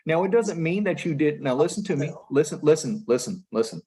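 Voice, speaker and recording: A man's voice: fairly high pitch, expressive, brisk, dark tone, husky, low-quality recording. A man serving as magistrate judge at a first appearance hearing, speaking firmly but patiently and repeating himself to keep the defendant listening. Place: courtroom.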